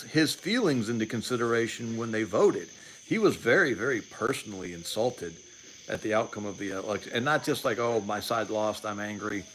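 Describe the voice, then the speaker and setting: A man's voice: mid-range voice, a bit bright, slight background noise, low-quality recording. A man in his late forties hosting a livestream, talking in a rambling, opinionated way and often restarting his sentences. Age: 40s. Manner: rambling, repeats words and restarts, sarcastic asides. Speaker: livestream host. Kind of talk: casual political commentary.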